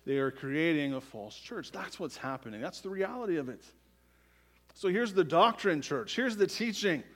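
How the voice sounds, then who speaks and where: A man's voice: fairly high pitch, lively intonation, moderate pace. Emphatic male pastor preaching a sermon. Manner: emphatic preaching, frequent "right?" asides, rising and dropping to near-quiet.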